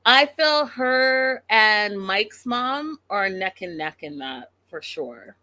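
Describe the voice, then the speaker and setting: A woman's voice: mid-range voice, animated, slow pace, pushed and bright, no room sound. A woman hosting a casual live recap show, chatting and reading viewer comments with exasperation. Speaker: podcast host recapping a reality show.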